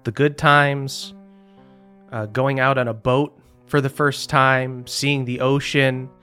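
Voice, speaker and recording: A man's voice: mid-range voice, level tone, slow, pushed and bright, smooth, soft background music. A young man running a tabletop game as game master, telling the story dramatically in a loose, swearing, casual way.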